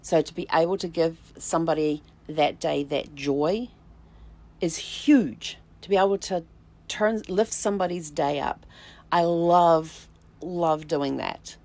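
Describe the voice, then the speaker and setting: A middle-aged woman hosting her own vlog, telling a personal story in a reflective, unhurried way, with halting restarts and soft "um"s. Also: low voice. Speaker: vlog host, family tree researcher.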